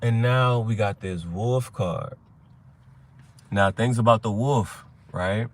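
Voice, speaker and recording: A young adult man hosts a tarot reading chat in a casual livestream, his lowish voice moving slowly. He rambles and swears, telling stories in which he does the quoted voices.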